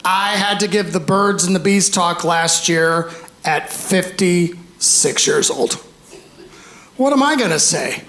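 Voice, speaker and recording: A man in his fifties performing a stand-up comedy set on a club stage, animated, acting out voices and shouting punchlines. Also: high-pitched, slow. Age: 50s. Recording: roomy live club sound with faint crowd noise. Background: audience laughter.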